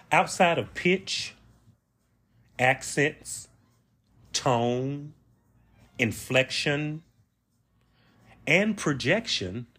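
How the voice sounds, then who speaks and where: A man with a Southern accent hosting a reflective solo monologue, speaking slowly and deliberately with drawn-out emphasis. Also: mid-range voice, a bit bright, slightly rough. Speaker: podcast host. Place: Washington, D.C.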